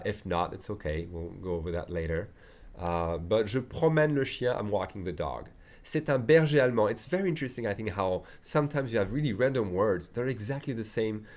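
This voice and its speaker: Male language teacher, lowish voice, conversational and explanatory. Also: a little mellow. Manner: chatty, explains with asides and checks in often. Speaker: French teacher. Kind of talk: online language lesson.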